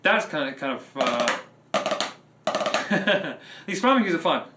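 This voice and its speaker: A man's voice: on the high side, big pitch swings, fast talker, over loud music. A man streaming live as a drummer, chatting casually to his audience in a rambling way with frequent restarts. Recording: echoey room with loud drumming behind.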